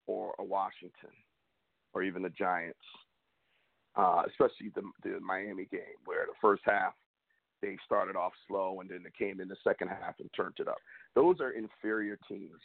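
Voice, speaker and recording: A man co-hosting a casual sports talk show, animated and emphatic. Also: on the low side, gravelly, no room sound. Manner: animated, emphatic, rising to loud peaks. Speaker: podcast co-host. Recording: tinny phone-line sound, dry.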